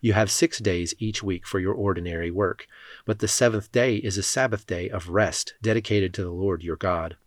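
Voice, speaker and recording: A man reading Bible passages aloud in a measured, solemn way. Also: deep voice, dry recording, clean studio sound. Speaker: scripture reader.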